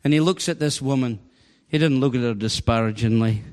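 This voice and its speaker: A man preaching a sermon, animated and storytelling, sometimes bursting into a shout. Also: medium pitch, brisk. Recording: long hall reverb.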